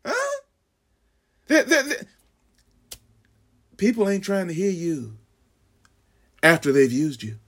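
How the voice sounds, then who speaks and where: A man preaching a sermon, calling out "huh?" to the congregation, stammering on repeats and swinging from shouts to hushed asides. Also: very high-pitched, huge pitch swings, a little slow, pauses often. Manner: call-and-response, frequent "huh?"; stammering repeats when building. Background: congregation laughing.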